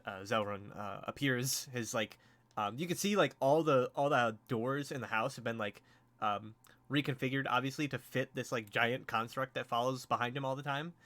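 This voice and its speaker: A man's voice: fairly low pitch, a bit bright, no echo. A man narrating as game master of a tabletop game, loose and filler-heavy.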